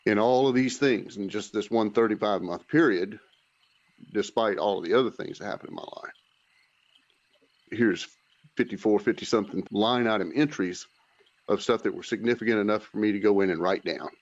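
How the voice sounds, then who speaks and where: A man's voice: fairly low pitch, normal speed. A man, a podcast guest, talking intensely and searchingly, doubting himself as he goes. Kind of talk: casual chat. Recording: dry, dull lo-fi line.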